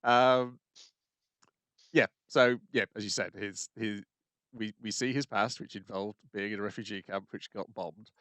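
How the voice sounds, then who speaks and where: A man co-hosting a podcast, recapping in a measured casual way with frequent "um"s. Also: on the low side, steady tone, a bit bright, no room sound. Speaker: podcast co-host. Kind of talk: casual chat.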